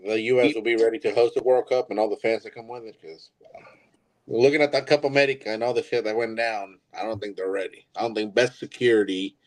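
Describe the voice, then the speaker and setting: A man on a casual soccer fan podcast, asking questions in a quick way. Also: lowish voice, steady tone, rough recording. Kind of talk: casual chat.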